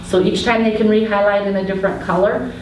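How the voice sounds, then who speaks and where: A woman's voice: medium pitch, fairly even intonation, fast talker. A woman giving a casual class presentation about reading activities, sometimes reading a children's passage aloud in a sing-song way. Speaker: education student presenting. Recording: echoey classroom, distant mic, faint noise.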